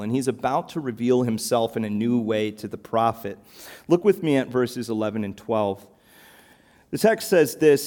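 A man preaching a sermon, animated and emphatic, throwing out rhetorical questions. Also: high-pitched.

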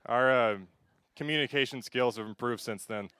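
A teenage boy from Alaska performing a self-mocking spoken word piece, swinging between hushed lines and loud bursts. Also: medium pitch, moderate pace, clean tone, a faint crowd.

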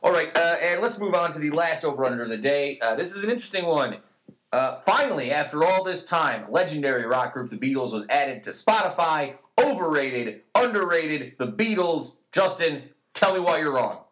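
Young guy cohosting a podcast, voice jumps all over the place when he gets going, super animated. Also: normal speed. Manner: animated, swings pitch widely when arguing. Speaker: podcast co-host. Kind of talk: casual chat.

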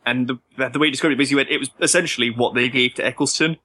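A man's voice: mid-range voice, fairly even intonation, sharp tone, breathy edge. A man hosting a casual podcast chat, joking around and steering the talk with playful segues. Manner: playful, quick to joke and segue. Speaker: podcast host.

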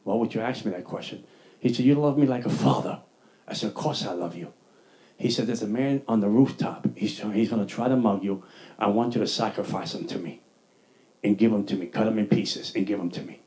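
A man preaching a testimony sermon, telling his story in an animated way and acting out his own dialogue. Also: lowish voice, fairly quick. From New York.

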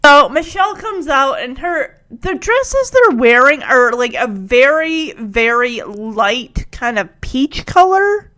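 Woman, high-pitched, casual and giggly episode recapper who acts out the dialogue. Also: animated, sharp tone. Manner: chatty, giggly, acts out quotes in quick voices.

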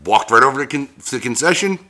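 A man's voice: medium pitch, expressive, fast talker, pushed and bright. A man co-hosting a casual podcast, talking bluntly with lots of swearing and often giving short replies. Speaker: podcast co-host. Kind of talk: casual chat, storytelling.

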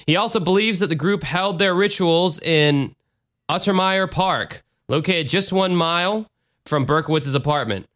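Podcast co-host, man, bright forceful voice, slightly high, profane and jokey. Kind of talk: casual true-crime chat.

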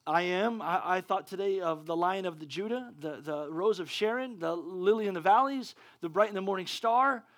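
A male preacher giving a sermon, excitable and often stumbling over restarts. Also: high voice, moderate pace, hardly any pauses.

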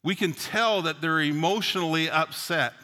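Bright-voiced preaching man in a hall. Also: a little high, normal speed. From Newfoundland, Canada. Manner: earnest preaching, storytelling asides. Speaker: pastor. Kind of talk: sermon. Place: church sanctuary. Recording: long hall reverb.

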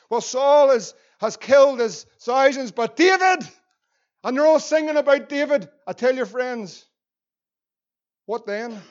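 High-voiced Northern Irish preacher, muffled recording. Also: male voice. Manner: earnest preaching, repeats phrases for emphasis. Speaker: pastor. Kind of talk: sermon.

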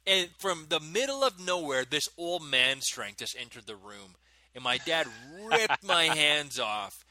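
A man in his thirties, a podcast co-host, telling stories in an animated way and laughing often. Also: a little high, measured pace, no echo. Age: 30s. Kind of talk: casual chat.

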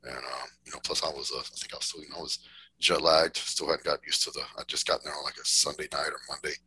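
A man's voice: extremely low pitch, steady tone, fast, sharp tone, slight background noise, poor audio. A man telling a gym story in a laid-back drawl, swearing freely and laughing as he goes. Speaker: podcast guest, bodybuilder. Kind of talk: casual storytelling.

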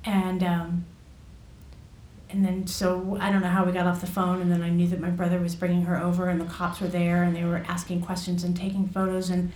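Woman, personal storytelling, halting, filler-heavy, echoey room, distant from the mic. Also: lowish voice, monotone, darkish tone. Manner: halting, many fillers and restarts. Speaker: guest recounting a personal experience.

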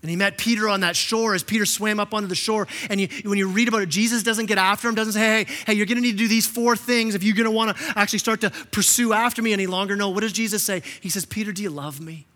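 A man preaching a sermon as pastor, impassioned, often repeating words and acting out quotes in a softer voice. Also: high voice, steady tone, quick pace, hardly any pauses. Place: church sanctuary. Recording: long reverb of a church hall.

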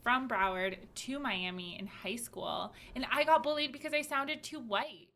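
A young woman from Florida with a South Florida accent, chatting casually on a panel with quick asides and frequent laughter. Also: fairly high pitch, bright, forceful tone. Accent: South Florida American English. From Florida, USA. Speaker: podcast panelist. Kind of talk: casual chat.

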